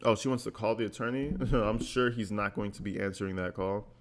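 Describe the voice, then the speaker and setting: A man's voice: on the low side, fairly quick. A man vlogging commentary, reading text messages aloud and reacting bluntly and sarcastically, swearing freely.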